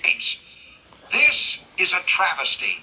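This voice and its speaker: In an AI character chat role-play, a synthetic mid-range voice gives a full character performance as a proud middle-aged male cartoon detective, complaining in a huffy, exasperated way. It's slow and sharp-toned with wildly swooping pitch, and the recording quality is low.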